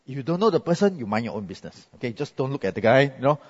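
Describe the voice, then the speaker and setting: A man from Singapore with a Singaporean English accent, preaching a sermon in a chatty, animated storytelling manner and often asking "right?" after his points. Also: medium pitch, racing, big-room sound, highs cut off. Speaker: pastor. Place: church hall.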